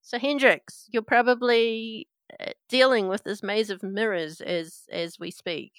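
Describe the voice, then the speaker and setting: A woman narrating a tabletop role-playing game as game master, in a lively descriptive way. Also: fairly high pitch, unhurried, clean tone, no room sound.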